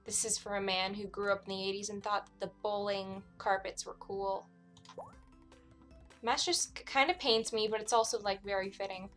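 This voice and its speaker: A woman's voice: medium pitch, steady tone, moderate pace, fairly bright tone, soft background music. A young adult woman streamer chatting casually over a game, with frequent laughs and wry asides.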